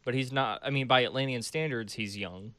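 A man's voice: mid-range voice, fairly quick, a bit bright, smooth, no echo. A man co-hosting a podcast in casual chat, easygoing and joking. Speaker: podcast co-host.

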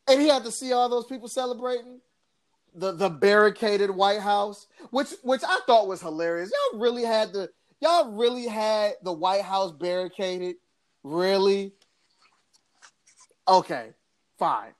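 A woman co-hosting a casual political podcast, talking in an animated, sarcastic way, with laughs and mocking impressions. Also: mid-range voice, measured pace. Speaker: podcast co-host.

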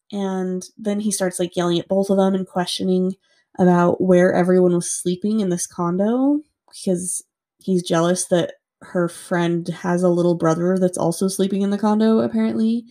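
A woman's voice: fairly low pitch, fairly even intonation, moderate pace, warm tone. A woman casually recounting a true-crime story to a co-host, chatty with lots of "like" and free swearing.

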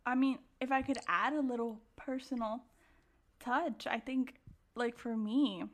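A woman's voice: fairly high pitch, steady tone, measured pace. A tipsy young woman hosting a podcast, chatting crudely and laughing a lot. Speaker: podcast host. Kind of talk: casual chat.

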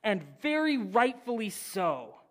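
A preacher reading scripture and teaching, swinging between loud declarations and near-whispered phrases, with casual asides to the listeners. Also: mid-range voice, very animated, slow pace. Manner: casual, addresses listeners as "guys". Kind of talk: sermon with Bible reading and teaching.

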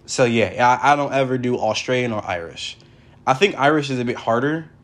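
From his brother's house, a young man with a mid-range voice runs a relaxed one-man podcast, talking a little fast. He rambles freely, peppering everything with "like" and "for real."

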